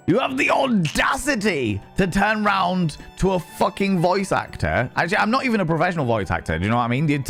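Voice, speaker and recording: A man with a medium-pitched, fairly bright voice streams and does some voice acting. Chatting casually on his livestream, he swears a lot and rants emphatically, repeating phrases and restarting mid-sentence.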